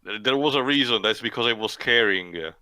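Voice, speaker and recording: A man with a bright, crisp voice speaks haltingly, pausing with fillers. The recording is dry. He is chatting casually about a show. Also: mid-range voice, animated, no room sound. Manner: hesitant, halting. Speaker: commentator. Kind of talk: casual commentary over an episode.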